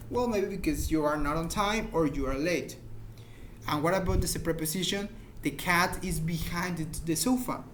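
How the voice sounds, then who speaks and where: Man, high voice, informal English teacher, patient repeated examples, slight hiss. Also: fairly bright tone. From Mexico. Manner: explains slowly with repeated examples, searches for words. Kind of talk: informal grammar lesson.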